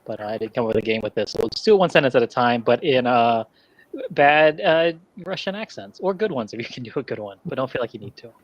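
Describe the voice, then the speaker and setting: A man's voice: medium pitch, expressive, quick pace, dry recording. Podcast host guy rambling and laughing a lot, dull lo-fi sound, dry. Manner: laughs often, rambling with restarts. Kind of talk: casual chat. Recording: dull lo-fi mic.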